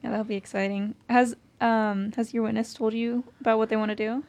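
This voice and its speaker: A young woman in casual chat about her mock trial team, relaxed and laughing often, with many fillers. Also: on the high side, a little fast.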